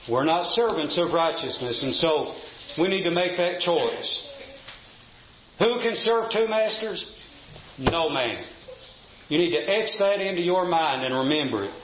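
Male preacher, emphatic sermon, higher voice, roomy dull church recording. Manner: emphatic, asks the congregation questions. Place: church room. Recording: roomy, dull, faint hum.

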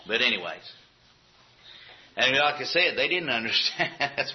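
A man's voice: medium pitch, animated, normal speed, a little hiss or hum. A man preaching a sermon in a folksy, conversational way with acted asides. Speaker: pastor. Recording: dull lo-fi recording.

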